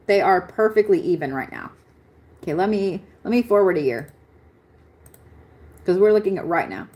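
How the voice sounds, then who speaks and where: A woman's voice: lowish voice, lively intonation, moderate pace, a little mellow. A young adult woman doing a live astrology reading, talking bluntly, swearing and laughing often as she speaks. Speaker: astrology reader. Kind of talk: live-stream chart reading.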